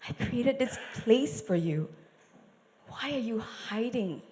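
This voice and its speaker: A woman voicing God as a tender, grieving male figure in a soft, hushed whispered role-play, slow and low. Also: lively intonation, long reverb tail, a little hiss or hum. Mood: pleading.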